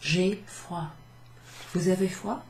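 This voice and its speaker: Slow, low-voiced woman teaching French. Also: fairly even intonation, darkish tone, slight background noise. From Wales. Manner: slow, patient explaining, switching between English and French. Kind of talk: relaxed classroom recap lesson. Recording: echoey room with faint background.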